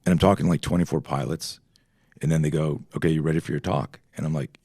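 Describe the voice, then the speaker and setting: A man's voice: rumbling low, fairly even intonation, fast, gravelly, dark tone, slightly rough, no echo, clean studio sound. A man in his fifties, a podcast guest, telling rambling stories full of tangents and swearing in a casual chat. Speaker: podcast guest, self-defense instructor.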